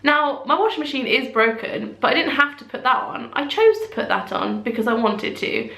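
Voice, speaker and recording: A woman's voice: sits high, sing-song, moderate pace, creaky, fairly bright tone. A woman vlogging to camera in a chatty, self-deprecating way, with rambling asides. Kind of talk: casual talk to camera. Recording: echoey room.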